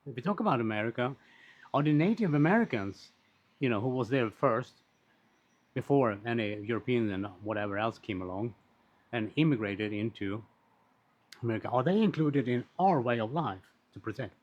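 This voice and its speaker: A man's voice: medium pitch, animated, moderate pace. Blunt, swearing man ranting on a dull recording. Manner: blunt, rambling, swears freely. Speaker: commentator on social issues. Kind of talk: casual unscripted monologue.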